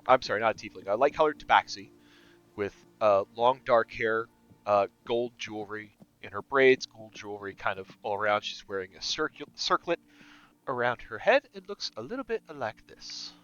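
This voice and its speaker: A low-voiced man runs a tabletop game, rambling through his descriptions with plenty of fillers and a lively, swinging pitch. The recording is dull and lo-fi, with faint music underneath. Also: normal speed, smooth. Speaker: game master.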